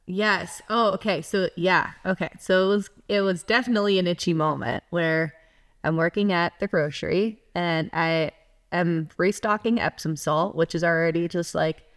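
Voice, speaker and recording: A woman's voice: lowish voice, normal speed. A woman co-hosting a podcast in casual chat, talking candidly and swearing freely as her voice swings up and down. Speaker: podcast co-host.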